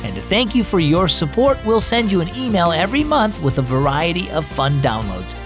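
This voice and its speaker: A man's voice: high voice, very animated, fairly quick, music in the background. A man hosting a children's devotional show, reading a story in a cheerful, upbeat scripted narration. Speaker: host.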